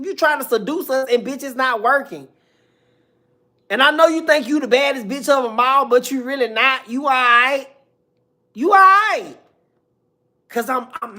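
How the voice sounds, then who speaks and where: A woman's voice: sits high, pushed and bright. A woman giving casual reaction commentary, blunt and profane, ranting at length.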